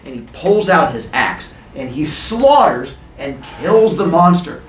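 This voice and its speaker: A man hosting a podcast and telling a comic story in an animated, playful way. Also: a little high, unhurried, background noise. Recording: roomy echo.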